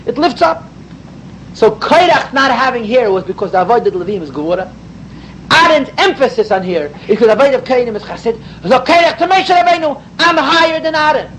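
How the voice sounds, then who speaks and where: A man's voice: very high voice, fairly bright tone, slight background noise, poor audio. A man giving an emphatic Torah class, explaining mystical ideas and mixing in Hebrew and Yiddish terms. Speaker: rabbi teaching Torah.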